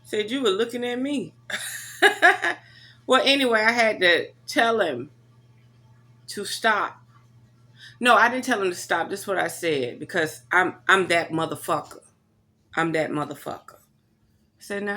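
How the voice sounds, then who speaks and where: Woman, vlogger, blunt profane rant, gravelly fry, sharp tone. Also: on the low side. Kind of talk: casual storytelling rant.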